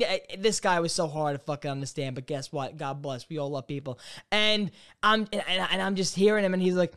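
A man's voice: a little high, brisk, a bit bright, clean tone. A young man on a podcast telling a rambling, profane anecdote, acting out both sides of the conversation. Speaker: podcast co-host. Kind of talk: casual chat, storytelling.

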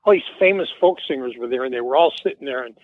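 A man's voice: medium pitch, lively intonation, fast, dry recording. A man in his seventies calling in as a radio guest, telling a loose, rambling story full of fillers and restarts. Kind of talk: rambling anecdote on a radio call-in. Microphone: phone call. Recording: tinny phone line on radio.

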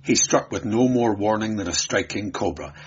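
A man narrating an adventure audiobook in a measured, dramatic storytelling manner. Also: lowish voice, lively intonation, slightly rough, lo-fi sound. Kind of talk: audiobook reading.

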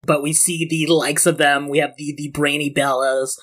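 A man narrating a tabletop game as game master, chatty and quick, often laughing. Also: a little high, level tone, a bit bright.

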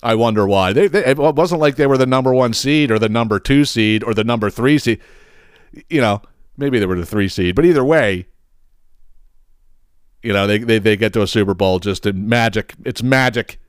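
A man rants profanely on his podcast, tripping over repeated words as he goes. His voice is smooth and clear, recorded close and dry. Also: medium pitch, normal speed, dry recording. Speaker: podcast host. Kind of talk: casual podcast rant.

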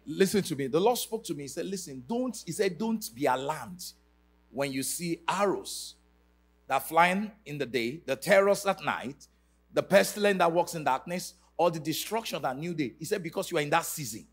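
A man's voice: fairly high pitch, animated, moderate pace, breathy edge. A man preaching a sermon to a church congregation, emphatic and sing-song, leading call-and-response. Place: church service.

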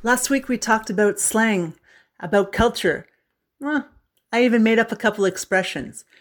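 A woman's voice: on the high side, normal speed. Playful Canadian woman English teacher. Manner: playful, jokey, bursts into singing. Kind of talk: humorous language lesson on radio.

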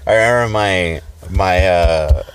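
Deep-voiced man telling a profane story. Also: takes it slowly. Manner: profane, storytelling, laughs often. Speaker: podcast co-host. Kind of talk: casual chat.

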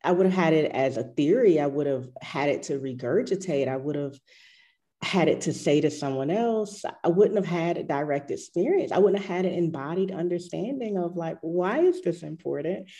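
In a casual chat, a middle-aged woman who teaches yoga recounts moments from her practice in a low, mellow voice. Her intonation is lively and her pace normal, and she reflects conversationally while acting out how she once reacted.

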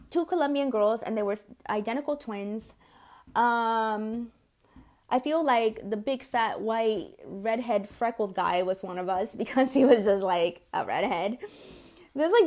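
Her voice sits a little high, with a gravelly, darkish tone. She's a woman in her forties, a podcast host and consultant, chatting casually through a storytelling monologue, swearing here and there and acting out quoted voices.

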